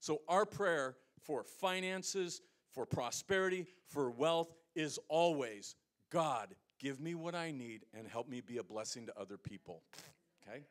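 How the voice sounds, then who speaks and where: An American male pastor preaches with lively energy. His voice swings from loud, emphatic lines down to low, quiet asides to the congregation. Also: unhurried. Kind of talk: sermon.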